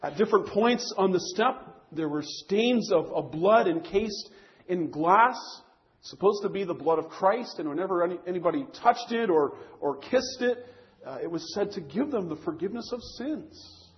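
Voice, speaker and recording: High-pitched guy preaching a sermon, earnest, repeats himself a lot, muffled lo-fi recording. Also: expressive, moderate pace. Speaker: pastor.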